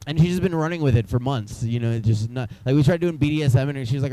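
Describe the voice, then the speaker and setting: A man's voice: mid-range voice, racing, few pauses, dark tone, dry recording, low-quality recording. A young man doing stand-up comedy in a small club, rambling loosely and teasing the crowd.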